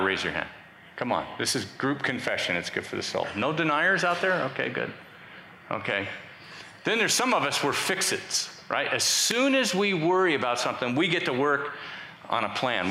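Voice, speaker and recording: A man's voice: medium pitch, bright, forceful tone, slight background noise. A man preaching a sermon to a congregation, conversational and joking with the crowd. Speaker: pastor. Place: church sanctuary. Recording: echoey hall, faint ambience.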